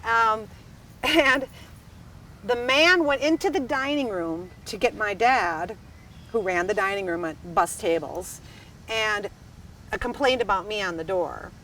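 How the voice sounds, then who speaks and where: A woman from Wisconsin, a restaurant dining room manager, telling stories in a lively, emphatic casual chat. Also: mid-range voice, a little slow. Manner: animated, emphatic storyteller. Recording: slightly distant mic, faint background noise.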